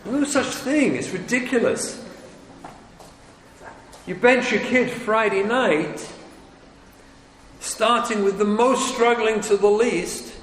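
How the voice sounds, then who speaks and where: A man's voice: high-pitched, slow, long pauses, a bit bright. A man, a rabbi, lecturing parents in an emphatic, wry, teasing way. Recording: echoey hall with faint noise.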